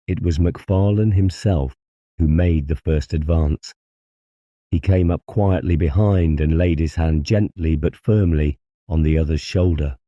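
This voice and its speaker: A man narrating a classic horror story in a slow, grave, deliberate way. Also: very deep voice, warm tone, dry recording, lo-fi sound. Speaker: audiobook narrator.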